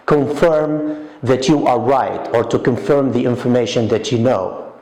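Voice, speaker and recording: A man teaches English grammar, talking slowly and repeating each example so it sinks in. His pitch moves a lot and sits a little high. The recording has a roomy echo. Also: a little mellow. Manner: slow, deliberate explaining with repeated example sentences. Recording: echoey room.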